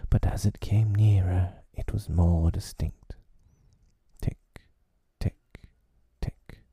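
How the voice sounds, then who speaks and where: A man narrating a storybook in a measured, deliberate reading. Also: low voice, vocal fry, dark tone, breathy edge, dry recording, clean studio sound.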